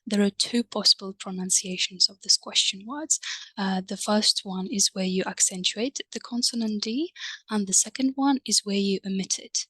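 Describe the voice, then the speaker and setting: A woman of middle pitch explains a lesson at an unhurried, patient pace, often pausing to check in with her listener through gentle prompts and hums of agreement. Her voice sits close and dry, with almost no room sound around it. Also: slightly rough, no room sound. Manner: drawn-out fillers and soft hums of agreement. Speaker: language teacher. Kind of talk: recorded online language lesson.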